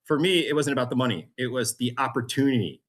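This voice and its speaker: Male guest; animated storyteller who does voices of people in his story. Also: mid-range voice, fast talker. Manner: animated storyteller, acts out voices, laughs often. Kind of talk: storytelling interview.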